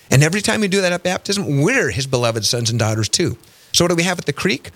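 A man hosting a faith radio talk show, teaching with animated storytelling and frequent rhetorical questions. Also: fast. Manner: animated storytelling, acts out quoted voices with big pitch jumps. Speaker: radio host. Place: radio studio.

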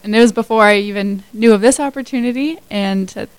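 A woman's voice: mid-range voice, quick pace, clear, resonant tone, dry recording, low-quality recording. A woman in her twenties, a new hire telling her story as a guest in a casual radio interview, chatty with many fillers. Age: 20s.

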